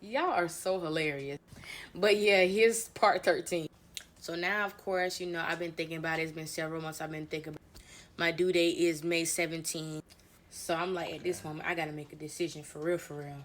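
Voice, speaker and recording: A woman's voice: deep voice, fairly even intonation, fairly quick, a bit bright. A young woman telling a story-time account in a conversational retelling, acting out quoted dialogue. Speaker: storyteller in clip.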